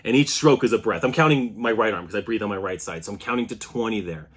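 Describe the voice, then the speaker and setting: A man in his thirties telling a story to camera in a casual, animated way, often restarting his sentences. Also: on the low side, quick pace, husky. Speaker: CrossFit athlete vlogger.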